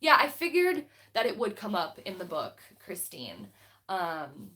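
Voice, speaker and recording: A woman's voice: on the low side, huge pitch swings, unhurried, sharp tone. A young woman hosting a book club livestream, talking casually and bluntly with lots of fillers and restarts.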